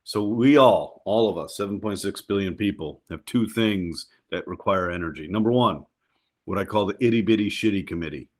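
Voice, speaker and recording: In this relaxed interview chat, a middle-aged podcast guest talks with plenty of energy. His voice jumps higher each time he starts telling a story.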